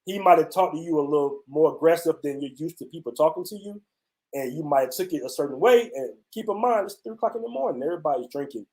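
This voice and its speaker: Travel host from the US, man, slightly high voice, loose slangy storyteller talking to his viewers outside. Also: quick pace. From United States. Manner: loose, animated retelling with slang and repeated "man" and "bro". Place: outdoors on a city street at night.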